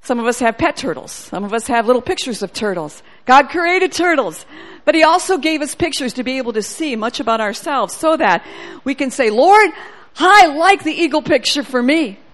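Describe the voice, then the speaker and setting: A middle-aged woman preaching a sermon, telling a story with animated delivery and speaking prayers aloud. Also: sits high, a little fast.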